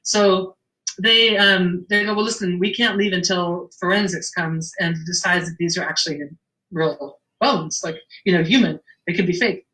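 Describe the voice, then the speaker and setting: Bright, animated woman telling a story. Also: fairly low pitch, normal speed, rough recording. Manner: animated storyteller, acts out the dialogue, laughs often. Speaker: shop owner telling a story. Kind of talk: casual anecdote in an interview.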